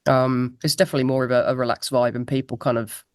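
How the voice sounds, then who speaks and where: A woman's voice: a bass voice, little pitch movement, quick pace, a little mellow, dry recording, clean studio sound. A woman, a musician guest telling anecdotes in a chatty, laughing way over a laptop video call. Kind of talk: casual interview chat.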